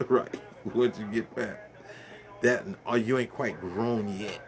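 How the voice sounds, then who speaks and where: A man's voice: lowish voice, takes it slowly. A man ranting casually to the camera, rambling and profane, stumbling over fillers and laughing at his own jokes.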